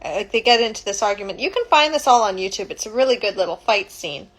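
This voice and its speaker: A woman's voice: mid-range voice, lively intonation, quick pace, low-quality recording. A woman, a childbirth educator, retelling a story casually, rambling and correcting herself as she goes.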